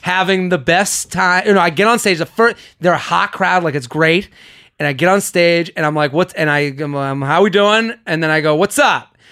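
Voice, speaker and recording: A young man with a fairly high voice hosts a casual podcast. He tells stories with energy, mimics the people in them and swears freely. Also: fairly quick, clear, resonant tone. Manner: animated storyteller, acts out quotes, swears freely. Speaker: podcast host. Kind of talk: casual chat, storytelling.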